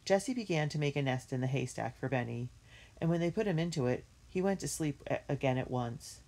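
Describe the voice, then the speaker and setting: A woman reading a children's book aloud in a clear, measured storytelling manner. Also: deep voice, animated, darkish tone. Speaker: reader.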